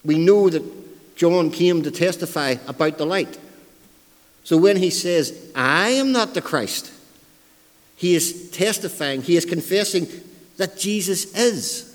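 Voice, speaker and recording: A man delivers a sermon with an emphatic, repetitive style, driving home his points and dropping in wry asides about himself. His voice sits a little high for a man. The sound rings with the long reverb of a large hall. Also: a little slow, darkish tone. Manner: emphatic, repeats key phrases for stress. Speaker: preacher.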